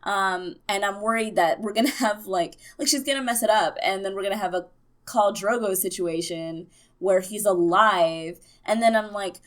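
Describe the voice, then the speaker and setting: Young woman, chatty recap vlogger, excitable, lots of fillers. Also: medium pitch, moderate pace. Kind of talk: casual recap vlog.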